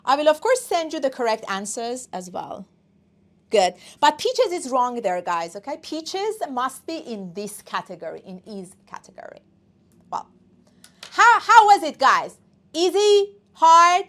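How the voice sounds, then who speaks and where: A woman's voice: high-pitched, very animated, a little slow, fairly bright tone. A woman teaching a live English exam-prep class. She speaks emphatically, repeating words aloud and drilling them for her students.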